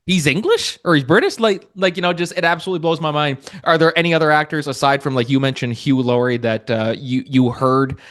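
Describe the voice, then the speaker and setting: A man's voice: mid-range voice, little pitch movement, fast, few pauses, fairly bright tone. A man hosting a podcast, talking casually with many restarts and asides. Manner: rambling, many restarts and fillers, laughs easily. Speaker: podcast host.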